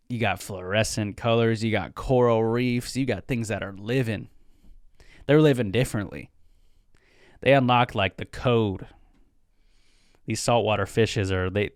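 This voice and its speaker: A man's voice: medium pitch, clean tone, no room sound, clean studio sound. A young man hosting his own podcast, rambling casually with joking asides. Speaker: podcast host. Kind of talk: casual solo chat.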